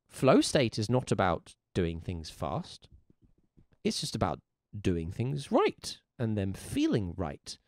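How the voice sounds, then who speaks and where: A man's voice: on the low side, wildly swooping pitch, takes it slowly, dry recording, studio quality. A man teaching a music lesson on a livestream, playful and encouraging as he talks with viewers in chat. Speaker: music teacher streaming live.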